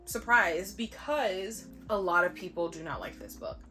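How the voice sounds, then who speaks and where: A young woman reviewing books in a casual vlog, blunt, sarcastic and quick to swear. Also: mid-range voice, pushed and bright, faint music behind. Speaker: book vlogger. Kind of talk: casual book review chat.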